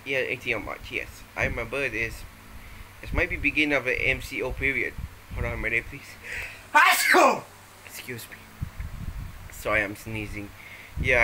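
A man talks in a loose, playful ramble, stopping and restarting as he goes. His voice sits at a middle pitch. An air conditioner hums clearly behind him the whole time. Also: bright, forceful tone, slight background noise, low-quality recording. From Malaysia. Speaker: vlogger. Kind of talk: casual rambling vlog.

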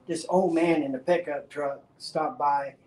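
A man from Brownsville, Texas, co-hosting a live furniture-painting stream, telling a story with lively laughter. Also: fairly high pitch, a little slow, recorded from a distance. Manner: animated storyteller, laughs at his own tale. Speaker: co-host. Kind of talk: casual storytelling. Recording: roomy, off-mic, faint background noise.

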